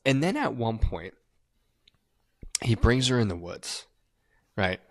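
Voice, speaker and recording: A man casually recapping a movie as a podcast co-host, telling it in an animated way, swearing and acting out the characters' lines. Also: mid-range voice, slow pace, no echo.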